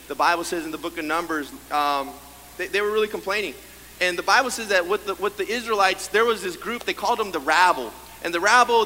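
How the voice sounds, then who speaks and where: A man preaching a sermon as pastor, animated, acting out the voices of his congregation. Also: fairly high pitch, slight background noise. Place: church sanctuary. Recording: long hall reverb, faint room ambience.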